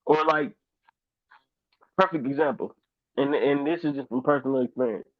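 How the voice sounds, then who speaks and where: A man from Dayton, Ohio, co-hosting a podcast, rambling in an animated casual chat with lots of fillers. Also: medium pitch, normal speed, dry recording. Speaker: podcast co-host. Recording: dry, tinny phone-like sound.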